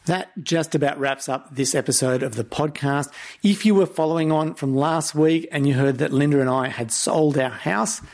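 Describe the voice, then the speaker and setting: A man's voice: on the high side, normal speed, darkish tone. A man hosting a podcast interview, upbeat and effusive as he thanks his guest. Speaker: podcast host.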